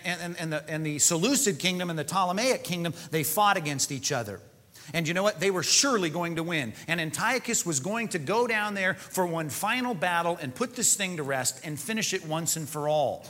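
A man preaching a sermon as animated storytelling full of conversational asides. His voice is bright and forceful and sits a little high. Long reverb from a large hall surrounds him. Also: normal speed.

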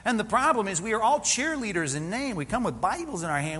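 A man preaching a sermon with a lively, swinging delivery and a slightly raised pitch. He keeps it conversational and self-deprecating, tossing rhetorical questions at the room. His voice rings with long reverb, and faint ambience sits behind it. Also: quick pace, slight background noise. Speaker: pastor.

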